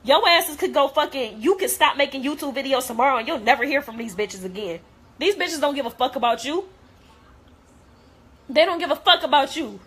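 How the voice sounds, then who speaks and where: A woman's voice: sits high, fairly bright tone. Heated, hurt woman ranting. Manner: blunt, heavy cursing, hurt and heated. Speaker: vlogger. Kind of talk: emotional to-camera rant.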